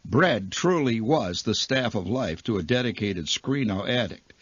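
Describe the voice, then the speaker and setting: A man tells a comic story in the manner of a radio storyteller, his voice leaping between big flourishes and hushed asides. His tone is a little husky and close to a dry mic. The sound is a dull, lo-fi archival radio recording. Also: fairly low pitch, expressive, unhurried, dry recording.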